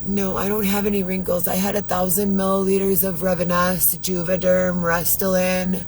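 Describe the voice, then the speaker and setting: A woman's voice: lowish voice, flat delivery, normal speed, a little mellow, a little hiss or hum, rough recording. A woman ranting on a live video in a distressed, rambling way, swearing often. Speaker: livestreamer. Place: Chicago.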